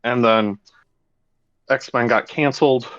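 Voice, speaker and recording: A man hosting a podcast in an easygoing, rambling chat, cursing casually as he goes. His voice sits at a middle pitch. The recording is dull and lo-fi, with a dry, close sound. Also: fairly even intonation, slow pace, a bit bright, no room sound. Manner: loose, rambling, swears freely. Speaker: podcast host.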